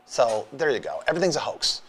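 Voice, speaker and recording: A man in casual podcast banter, rambling through his points and joking as he goes. His voice sits at an ordinary middle pitch. A faint hum of background noise sits under him in a small room. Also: very animated, fast talker, fairly bright tone. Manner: rambling, joking, repeats himself. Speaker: podcast co-host.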